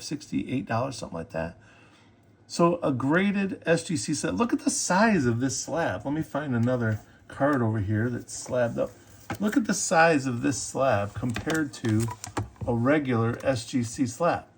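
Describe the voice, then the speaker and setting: A man hosting a casual show-and-tell video about collectible cards, chatty and enthusiastic, with fillers and quick self-corrections. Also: medium pitch. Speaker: sports card collector and video host.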